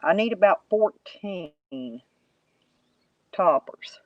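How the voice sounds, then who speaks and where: Brief: woman streamer, rambling and folksy, mid pitch, dry muffled mic. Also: animated, very slow, no room sound. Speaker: YouTube live streamer. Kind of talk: casual chat to live viewers.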